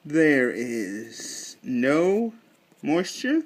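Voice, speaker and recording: A man giving a casual product review in a slow, deliberate way, thinking aloud with fillers. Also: on the high side, sing-song. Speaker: snuff reviewer.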